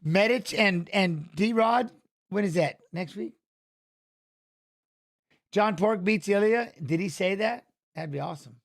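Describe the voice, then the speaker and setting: A middle-aged man with a notably high voice hosts a live fight watch-along. His talk is loose and animated, wandering off track and circling back to repeat himself. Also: slow, long pauses. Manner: animated, rambling, repeats phrases. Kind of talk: casual live fight commentary.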